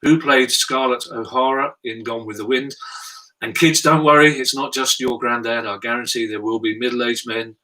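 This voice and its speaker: A man's voice: mid-range voice, steady tone, normal speed, pushed and bright, far from the mic, poor audio. A middle-aged man hosting a charity pub quiz from home, with dry self-mocking banter. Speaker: quiz host. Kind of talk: comic quizmaster patter.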